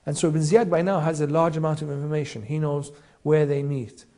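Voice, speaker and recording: Gravelly-voiced man narrating history. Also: fairly high pitch, steady tone, fairly quick, dark tone. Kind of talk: historical storytelling.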